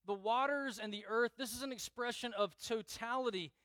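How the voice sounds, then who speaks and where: Middle-aged pastor guy preaching, pretty high voice, keeps repeating lines for emphasis. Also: normal speed, a bit bright, no room sound. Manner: earnest, repeats key phrases, acts out prayers in dramatic quoted voices. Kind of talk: sermon.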